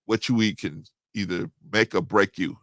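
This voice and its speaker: A middle-aged man, hosting a casual livestream, reading chat and getting animated as he agrees. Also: normal speed, dry recording, clean studio sound. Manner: animated, rising to excited high pitch when agreeing. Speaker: host.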